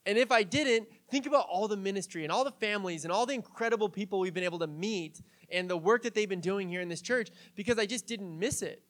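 A man's voice: high voice, fast, few pauses, a bit bright. A young man preaching a sermon in a casual, conversational way, telling stories with fillers and light jokes. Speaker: pastor.

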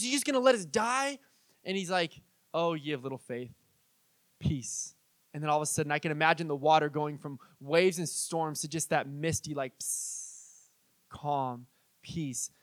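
A man's voice: high-pitched, no echo. A man in his thirties preaching a conversational sermon, telling stories and acting out quoted voices. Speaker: pastor.

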